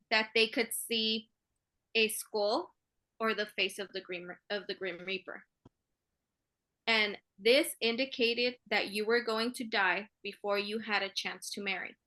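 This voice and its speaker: A woman podcast co-host reading a legend in a slow, measured way. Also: a little high, bright, forceful tone, low-quality recording. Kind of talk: casual chat and reading a legend.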